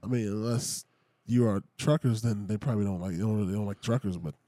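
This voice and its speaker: A man's voice: lowish voice, fairly even intonation, fast talker, mellow, no echo. A man co-hosting a casual podcast, agreeable and laid-back, laughing along.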